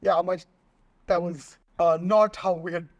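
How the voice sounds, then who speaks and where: A man with an Indian accent, a screenwriter guest telling animated stories in a casual interview and acting out what people said. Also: sits high, normal speed, dry recording, highs cut off. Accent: Indian English. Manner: animated storytelling, acting out quotes, laughs often.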